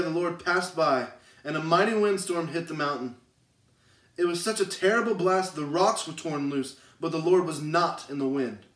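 A man retells scripture in a conversational youth sermon, often pausing to ask "okay?". His voice sits high, and the mic is distant in a roomy church. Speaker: youth pastor.

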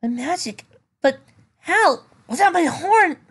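A woman voicing Twilight, a frightened young woman who was a pony mage, asking shrill, panicky questions. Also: animated, a little fast. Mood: alarmed.

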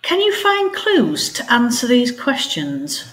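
A woman teacher reading a story aloud to her pupils, expressive and animated. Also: fairly high pitch, slow. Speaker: primary school teacher. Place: home.

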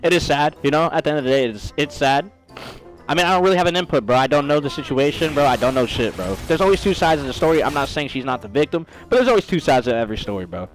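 A young man talks over his gameplay in a high, bouncy voice that swoops up and down. His chatter is crude and excitable, and he breaks into sudden shouts. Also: fast talker, soft background music. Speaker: streamer. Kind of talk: casual gaming stream chatter.

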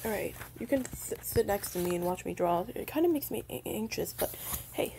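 A woman's voice: medium pitch, expressive, moderate pace, creaky, background noise. A young woman playing a shy, lonely undead young being in a role-play spoken to the listener, stuttering and hesitant.

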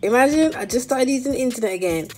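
A woman's voice: sits high, expressive, soft background music. Chatty giggly young woman vlogging. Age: young adult. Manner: chatty and giggly, drawn-out exclamations. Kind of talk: casual vlog chat. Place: bedroom.

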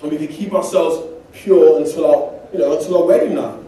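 A sermon from an English preacher who addresses the congregation with relaxed, conversational personal stories and self-deprecating jokes. He talks fairly quickly in a voice that's a touch high, though mellow and dark. A distant recording lets the church hall's echo surround him.

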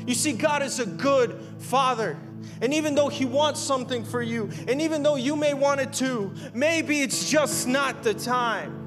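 A man's voice: very high-pitched, normal speed, over music. A young man preaching a sermon from the pulpit, emphatic and repeating his key phrases. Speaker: pastor. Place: church sanctuary.

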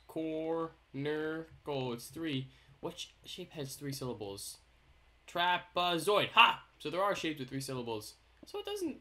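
Goofy, lively young gaming host. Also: male voice, fairly high pitch. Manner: goofy, playful, jokey self-talk. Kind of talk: casual let's-play commentary.

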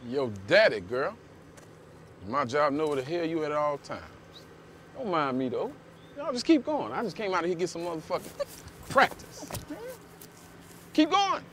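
A man's voice: on the high side, sing-song, moderate pace, pauses often. An actor playing a furious, profane father who threatens a man with a gun, recorded outdoors in the woods from a distance. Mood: menacing. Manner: profane, menacing, shouting bursts. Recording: distant mic with clear outdoor noise.

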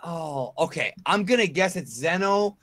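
A man taking part in a quiz over a call, relaxed and thinking aloud. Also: fairly high pitch, unhurried. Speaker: quiz contestant. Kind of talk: casual chat over a call.

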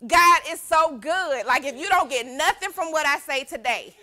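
A woman's voice: high-pitched, expressive, moderate pace, pushed and bright. Exuberant woman youth pastor preaching. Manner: exuberant, call-and-response with congregation. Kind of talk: sermon. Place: church.

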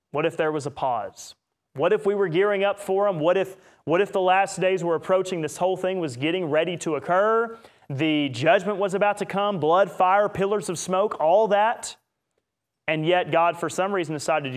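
Preacher guy doing a bible study, bit high voice, gets fired up and cracks jokes. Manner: animated, with joking asides and mock voices. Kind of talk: Bible teaching session.

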